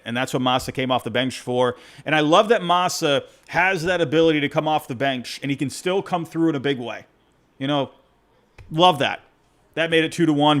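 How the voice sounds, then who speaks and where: Excitable man hosting a baseball recap. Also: fairly high pitch. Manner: excitable, rambling, self-interrupting. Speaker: podcast host. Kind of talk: postgame baseball reaction.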